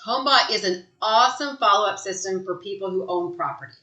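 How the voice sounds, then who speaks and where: Bright-voiced, emphatic woman trainer. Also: medium pitch, quick pace, reverberant, low-quality recording. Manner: emphatic, energetic, tags lines with "right?". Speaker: real estate sales trainer. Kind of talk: live online training talk.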